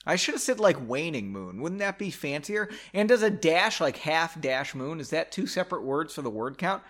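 A man's voice: fairly high pitch, very animated, normal speed, a bit bright. A man reading his own novel aloud, stopping to make self-mocking comments on his writing. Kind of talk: reading aloud with chatty asides.

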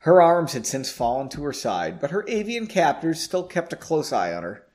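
A man's voice: a little high, big pitch swings, moderate pace, a little mellow. A man doing a grim, menacing captive sorceress. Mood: ominous.

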